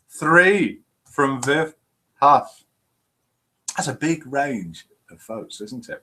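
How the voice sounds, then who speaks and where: A man's voice: a little high, a bit bright. A man hosting a casual live online chat show, reading out viewers' messages in a chatty manner. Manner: chatty, reads viewers' comments aloud. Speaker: host of an online chat show for over-50s.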